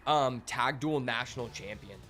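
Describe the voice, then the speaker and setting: In his card game stream, a young man rambles along easily, swearing and dropping fillers constantly. He speaks at a normal speed in a medium-pitched, fairly bright voice, backed by soft music.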